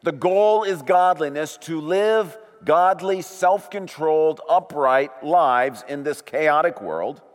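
Slow, measured pastor in reverberant hall. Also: male voice, on the high side. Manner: slow, deliberate preaching with drawn-out emphasis. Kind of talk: sermon.

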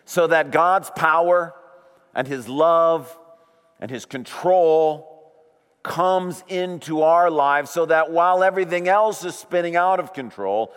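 Slow, measured pastor in reverberant hall. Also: male voice, a little high, clear, resonant tone. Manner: slow, deliberate preaching with drawn-out emphasis. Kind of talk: sermon.

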